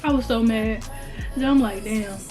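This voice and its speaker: A young woman vlogger telling a story in casual chat, animated and slangy, repeating lines for emphasis. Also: on the high side, moderate pace, music in the background. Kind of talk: casual storytime while eating.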